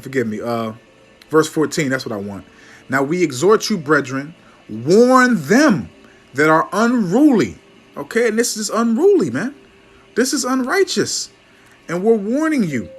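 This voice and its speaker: A man preaching a fiery sermon, scolding his listeners, stumbling over words when worked up, and reading scripture slowly. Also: on the high side. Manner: reads verses slowly and loudly.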